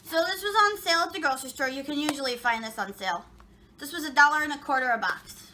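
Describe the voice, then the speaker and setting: A woman with a high voice chats in an offhand, joking way as she cooks at home. The kitchen recording is noisy, with clicks under her talk. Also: fast talker. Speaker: cooking vlogger. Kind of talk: casual chat while cooking.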